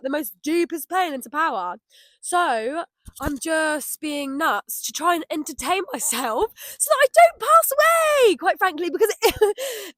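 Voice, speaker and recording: A high-voiced woman hosts a solo reflective podcast, calling herself babe and darling. She laughs often and jumps from shouts to near-murmurs. The sound is dry and close. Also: no room sound. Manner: effusive, laughs often, swings from loud shouts to low murmurs. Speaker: podcast host. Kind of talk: solo spoken reflection outdoors.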